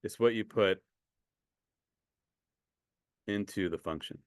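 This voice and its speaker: Taking things slowly in a fairly low voice, a man leads a math lecture in a chatty way, asking students questions and often repeating himself. The recording is dry with clean studio quality.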